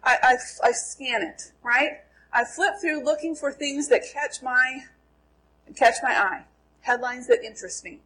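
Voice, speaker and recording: A woman's voice: high voice, measured pace, pushed and bright, poor audio. A middle-aged woman from Minnesota teaching a Bible class, asking her listeners questions and then answering them herself. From Minnesota, USA. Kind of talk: Bible lesson to a group.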